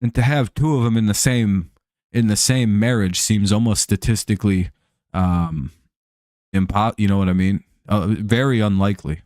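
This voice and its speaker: A man's voice: fairly low pitch, moderate pace, a little mellow, no echo. A man hosting a live stream, chatting casually over a baseball game, laid-back and joking, with casual swearing.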